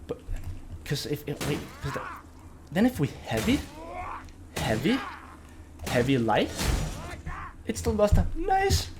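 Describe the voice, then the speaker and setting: A man giving casual gameplay commentary as a channel host, thinking aloud, getting excited and swearing now and then. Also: a little high, measured pace, long pauses, music in the background.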